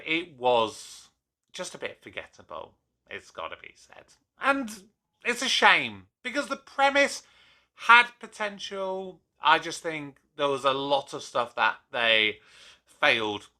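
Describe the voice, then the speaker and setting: A man's voice: medium pitch, sharp tone. A young man hosting his own channel, giving an opinionated, casual review monologue with frequent restarts. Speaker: YouTube reviewer.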